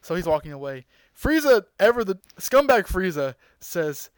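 A man hosting a podcast, recapping an episode in an excited, rambling way with lots of fillers and restarts. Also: high-pitched, moderate pace, hardly any pauses, clean tone, no room sound, rough recording. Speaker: podcast host.

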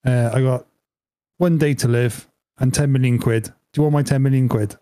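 A man's voice: medium pitch, fairly even intonation, moderate pace, dark tone, clean tone, dry recording. A man co-hosting a podcast, chatting casually and spinning playful what-if stories with snippets of acted dialogue. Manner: spins playful hypothetical scenarios, acting out bits of dialogue. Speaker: podcast co-host. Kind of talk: casual chat.

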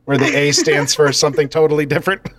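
A man's voice: a little high, steady tone, quick pace, fairly bright tone, dry recording. A man co-hosting a casual podcast, joking and laughing often. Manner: playful, jokey, laughs often. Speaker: podcast co-host.

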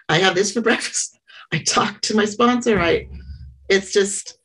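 A middle-aged woman sharing her story at a small meeting, halting and earnest, with frequent pauses and restarts. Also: medium pitch, fairly bright tone, husky, low-quality recording. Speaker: member sharing at a support meeting. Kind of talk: personal share at a small meeting.

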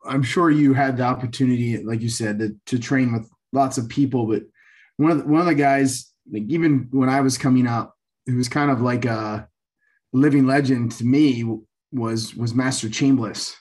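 A man's voice: mid-range voice, steady tone, normal speed, a little mellow, poor audio. A man hosting an interview, asking his guest to share stories. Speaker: host.

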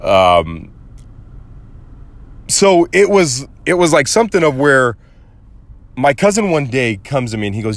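Animated young man telling a story. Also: mid-range voice, measured pace, long pauses. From Arizona, USA. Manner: animated, acts out quoted voices, swears casually. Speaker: podcast host. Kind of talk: casual storytelling monologue.

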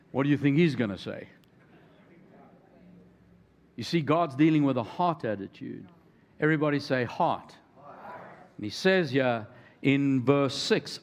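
Higher-voiced man preaching a sermon. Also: moderate pace, highs cut off. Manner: preaching with rising emphasis, calls to the congregation. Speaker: pastor.

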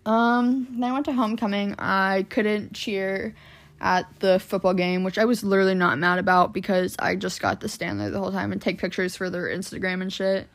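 A woman's voice: medium pitch, fairly quick. Young woman rambling through a story. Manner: rambling storytelling with lots of "like" and swearing. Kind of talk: casual chat.

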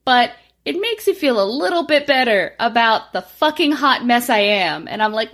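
A woman's voice: fairly high pitch, big pitch swings, moderate pace, hardly any pauses, a bit bright. A woman in her thirties co-hosting a podcast, chatting casually with lots of swearing, fillers and laughs. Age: 30s. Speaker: podcast co-host.

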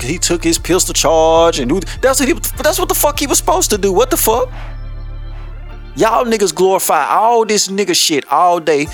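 A man's voice: a little high, fairly bright tone. A man hosting a podcast, ranting blunt, profane commentary and laughing often. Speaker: podcast host.

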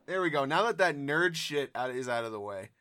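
A man playing an excitable gullible car buyer. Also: medium pitch, a little fast. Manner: excitable, laughs a lot. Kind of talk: improvised comedy skit.

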